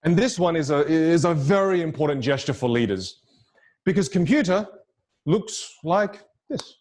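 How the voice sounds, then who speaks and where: A man with a slightly raised pitch coaches public speaking for a virtual audience. He is animated and demonstrative, leaping up and down in pitch to make a point. He repeats key phrases for emphasis. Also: normal speed. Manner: lively, demonstrative, swings pitch widely for emphasis.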